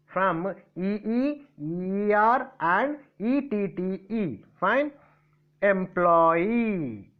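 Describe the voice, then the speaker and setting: A man from India teaching a grammar lesson, spelling out letters and asking and answering his own questions. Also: high-pitched. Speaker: English teacher. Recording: tinny phone-like audio.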